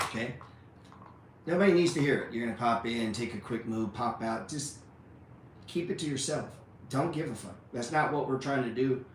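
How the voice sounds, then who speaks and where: A man of middling pitch delivers a blunt, profane motivational rant, leaning on "man" and "dude". He sounds like a trading teacher pushing his students hard. His voice rings in a very echoey room from some way off the mic, with faint noise beneath. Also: distant mic. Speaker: trading educator.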